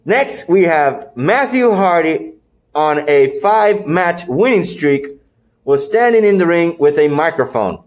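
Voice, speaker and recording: A man's voice: a little high, expressive, a little slow. A man hosting a casual wrestling review podcast over an online call, blunt and joking, laughing often. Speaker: podcast host.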